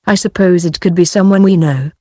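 A woman's voice: lowish voice, fairly quick, warm tone, no room sound, clean studio sound, lightly acted. A woman reading the lines of a boy in a textbook dialogue, in a plain reading voice.

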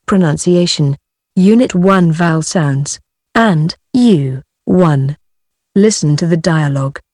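A woman narrating a pronunciation textbook's audio, reading instructions slowly and deliberately. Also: low-pitched, darkish tone, no room sound.

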